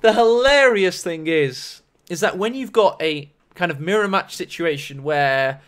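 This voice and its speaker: High-voiced excitable male game caster. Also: unhurried, smooth. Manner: excitable, jokey, rises to shouts at big plays. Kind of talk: energetic esports commentary.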